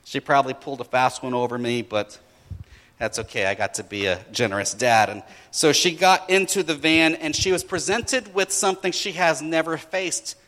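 A bright, slightly high-pitched man preaches a sermon with animated storytelling. He acts out the voices in his story with lively energy. His voice carries a long reverb from a large hall. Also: moderate pace. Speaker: pastor.

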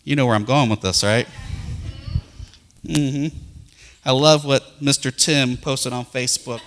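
A middle-aged male pastor preaching a folksy, animated sermon full of personal stories. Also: medium pitch, measured pace, in a large hall.

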